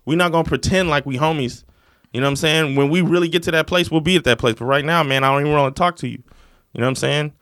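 A man's voice: on the high side, racing, fairly bright tone, clear, resonant tone, no echo. Blunt guy swearing a lot, casual chat, dry close sound. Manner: blunt, profane, emphatic.

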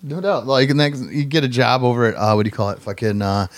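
A man's voice: mid-range voice, quick pace, dry recording. Joking, profane male podcast host. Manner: profane, joking, acts out voices. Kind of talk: casual chat.

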